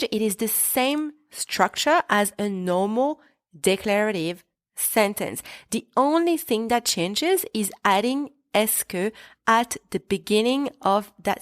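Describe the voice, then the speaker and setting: Woman, podcast language teacher, patient clear explaining, mid-pitched voice, dry close sound. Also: no echo. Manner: clear, patient explaining with spoken French examples. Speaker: French teacher and podcast host. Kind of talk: scripted podcast lesson.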